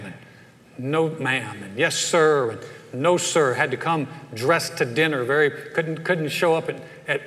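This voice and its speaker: Southern pastor telling stories in a big hall. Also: male voice, fairly high pitch. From Southern United States. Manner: animated, acts out voices in anecdotes. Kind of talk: sermon with storytelling. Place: church sanctuary. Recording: long hall reverb.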